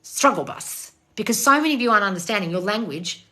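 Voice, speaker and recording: A woman's voice: lively intonation, very fast, pushed and bright. A woman in her thirties hosting a livestream, reading out viewer comments and answering them bluntly, swearing freely and calling people darling. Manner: high squeals when greeting viewers. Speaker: manifestation coach hosting a livestream.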